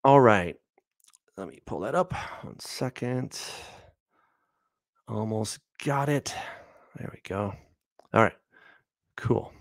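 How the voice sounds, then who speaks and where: A man's voice: fairly low pitch, takes it slowly, gravelly, long pauses, no echo. A man answering viewers' Bible questions in a casual, conversational way, reading verses aloud and asking his listeners rhetorical questions. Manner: animated and conversational, with frequent "all right" and "right?".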